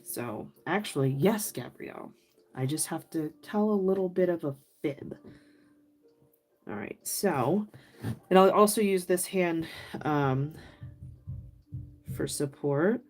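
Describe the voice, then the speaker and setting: A woman's voice: low-pitched, expressive, takes it slowly, pauses often, a little mellow, faint music behind. A woman hosting a crafting livestream, chatting and laughing as she works and answers viewers by name. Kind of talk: casual crafting livestream chat.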